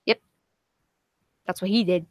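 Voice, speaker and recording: A woman's voice: on the low side, fairly even intonation, unhurried, no room sound, studio quality. A woman hosting a casual livestream chat, bantering and swearing freely. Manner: profane, laughing banter. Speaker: livestream host.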